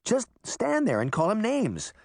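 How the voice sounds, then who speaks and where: A man voicing a sharp, bossy young girl who scolds and taunts. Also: mid-range voice, huge pitch swings, unhurried, vocal fry, dry recording, clean studio sound, pitched above the performer's own voice, full character voice. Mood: impatient. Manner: impatient, scolding.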